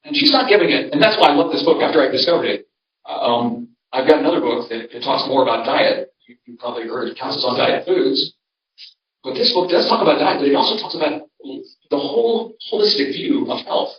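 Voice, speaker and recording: Older pastor telling folksy stories. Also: male voice, mid-range voice, expressive, a little fast. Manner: conversational, storytelling, frequent restarts. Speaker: pastor giving a seminar. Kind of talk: folksy seminar talk. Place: church hall. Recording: roomy, distant, dull sound.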